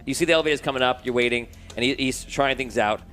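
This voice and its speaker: A man's voice: mid-range voice, quick pace, pushed and bright, soft background music. A man running a tabletop game as game master, narrating with many fillers and restarts. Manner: rambling, many fillers, laughs often.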